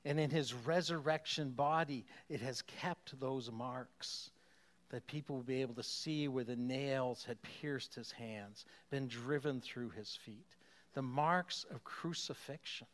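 A man preaching a sermon as a pastor, animated, chuckling often and asking rhetorical questions. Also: medium pitch, a little slow.

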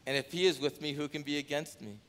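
Bright-voiced preaching man. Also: fairly high pitch, steady tone, fast talker. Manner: impassioned preaching, swinging from loud to hushed. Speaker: pastor. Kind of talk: sermon. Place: church sanctuary.

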